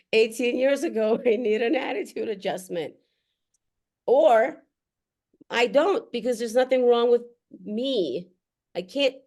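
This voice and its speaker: A middle-aged mother talks candidly and unscripted to a camera facing her, addressing other parents. Her voice is a little high with a darkish tone, and she is blunt and profane, often laughing between phrases.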